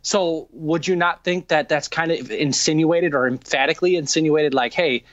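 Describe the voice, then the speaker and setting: A man with a fairly high voice makes his case through earnest, halting questions, restarting often. The sound is dull and lo-fi. It is dry, with no room echo. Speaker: debater. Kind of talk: theological debate.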